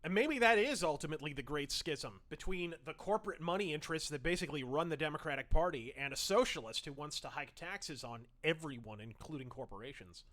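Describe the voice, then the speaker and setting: A man's voice: on the high side, animated, brisk, hardly any pauses, fairly bright tone. A man hosting a livestream, reading chat messages aloud and commenting in a snarky, profane, sarcastic way.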